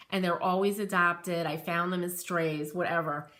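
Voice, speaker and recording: A woman's voice: on the low side, a little slow, hardly any pauses, a bit bright. A middle-aged American woman hosting a live crafting stream, talking in a chatty, rambling way and reading out viewer comments. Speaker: craft channel host.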